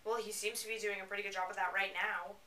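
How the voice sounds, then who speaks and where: A woman's voice: medium pitch, flat delivery, quick pace, bright, forceful tone, recorded from a distance, a little hiss or hum. A woman reading a novel aloud and breaking in with sarcastic, chatty commentary. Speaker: reader. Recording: roomy, away from the mic.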